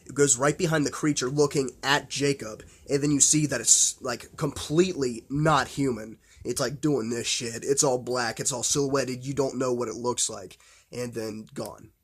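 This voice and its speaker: A man's voice: mid-range voice, steady tone, normal speed, slightly rough. A man talking casually and enthusiastically about horror films, rambling with lots of fillers and restarts, and swearing bluntly. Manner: blunt and profane. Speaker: horror film vlogger. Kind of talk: casual unscripted film talk.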